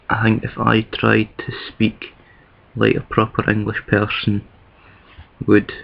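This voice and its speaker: A man's voice: on the low side, vocal fry, muffled recording. A man from the east of Scotland with a Scottish accent, rambling and thinking aloud in a casual vlog, with many restarts. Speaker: vlogger. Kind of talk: casual talking-to-camera vlog.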